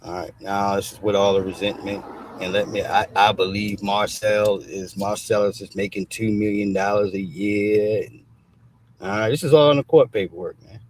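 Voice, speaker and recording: A man's voice: fairly low pitch, fairly even intonation, moderate pace, a little mellow, slight background noise. A man hosting a livestream, giving blunt, casual commentary full of street slang and swearing, and he keeps saying "all right". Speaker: show host. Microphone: streaming mic.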